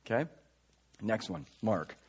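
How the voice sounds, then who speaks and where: A man preaching a conversational sermon, reading scripture and breaking into casual asides, swinging between loud emphatic lines and quiet remarks. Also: fairly low pitch, expressive, slow, a little hiss or hum. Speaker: pastor.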